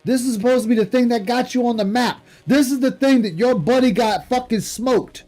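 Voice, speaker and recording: A man with a strikingly high-pitched voice delivers a profane, scornful tirade during a late-night stream. He speaks into a desk mic at home and breaks into bursts of shouting. Faint music plays behind him. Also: brisk.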